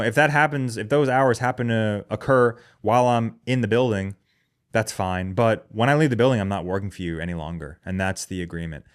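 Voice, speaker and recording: A man hosting a podcast in a casual comedic monologue, profane, sarcastic and self-deprecating. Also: on the low side. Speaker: podcast host.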